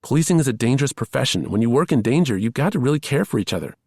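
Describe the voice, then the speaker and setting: A man's voice: medium pitch, animated, a little mellow, dry recording, studio quality, pitched above the performer's own voice. A man reading a thriller audiobook, voicing an earnest, eager young woman who is a police rookie. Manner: eager, pleading, fast-rising emotion.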